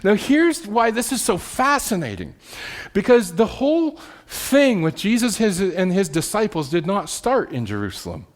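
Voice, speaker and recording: Man, pastor, sermon, animated storytelling, swooping pitch, repeats words. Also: moderate pace. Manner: animated storytelling with frequent "right?" asides; repeats words and restarts mid-phrase.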